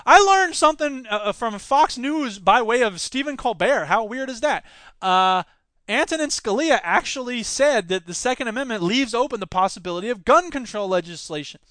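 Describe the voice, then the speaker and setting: A man hosts his own podcast, riffing in an animated, sarcastic way. His voice sits high and sounds bright and crisp. The room is dry, with no echo. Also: normal speed. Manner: animated, sarcastic, mocks others in put-on voices. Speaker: podcast host. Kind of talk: solo political commentary podcast.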